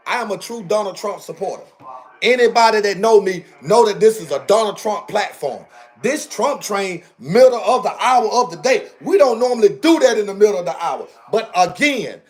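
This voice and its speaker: A man hosting a casual livestream from home, talking straight to his viewers in a fired-up, repetitive rant. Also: high-pitched. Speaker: livestream host. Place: indoors at home on camera.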